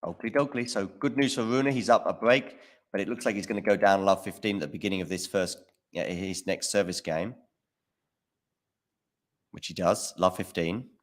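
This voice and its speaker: A man's voice: sits low, normal speed, pauses often. Chatty man calling a live tennis match. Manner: excitable on big points, chatty. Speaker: watchalong commentator.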